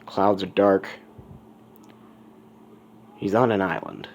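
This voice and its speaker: A man's voice: sits low, slow pace, dull audio, a little hiss or hum. A man telling a fan story in a casual, rambling way, with self-correcting asides. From United States.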